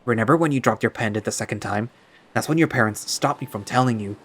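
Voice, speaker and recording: A man voicing a gentle, secretive male tiger who speaks softly and apologetically. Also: mid-range voice, quick pace, soft background music, close to an everyday voice. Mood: apologetic. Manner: soft, apologetic, pleading.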